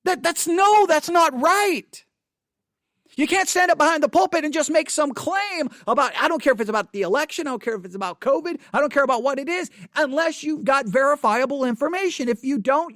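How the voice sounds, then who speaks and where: A man's voice: extremely high pitch, fairly bright tone, no room sound, clean studio sound. Earnest man pleading. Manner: earnest and pleading, with emphatic repeated phrases. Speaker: podcast host. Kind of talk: impassioned commentary. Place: home studio in Texas.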